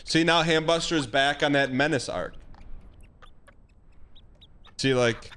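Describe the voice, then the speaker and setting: A man's voice: a little high, slow pace, smooth. Rambling man streaming a game live. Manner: rambling, restarts often, excitable.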